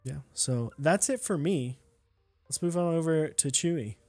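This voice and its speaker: A co-host chatting in a relaxed, easygoing way on a casual talk show. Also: medium pitch, measured pace, faint music behind. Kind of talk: casual chat.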